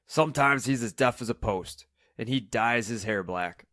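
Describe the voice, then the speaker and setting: Man voicing a mischievous elderly man, upbeat, brisk, raised voice, dry. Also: mid-range voice, a bit bright, no echo, close to an everyday voice. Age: older.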